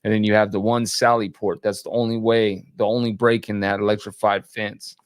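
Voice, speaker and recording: A man with a lowish voice talks through his memories in a casual chat. He stops and restarts often, repeating words and padding with fillers. The sound is dry and close. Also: flat delivery, a little fast, dry recording. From California. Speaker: guest. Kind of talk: casual conversation.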